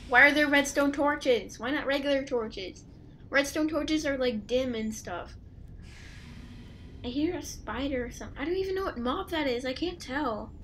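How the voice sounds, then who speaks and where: A woman doing let's play commentary, joking around and breaking into loud startled outbursts. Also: sits high, moderate pace, a little hiss or hum. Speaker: gaming YouTuber.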